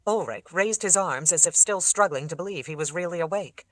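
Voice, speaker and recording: An audiobook narrator reading fantasy fiction in a steady, measured way on a close mic. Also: mid-range voice, dry recording.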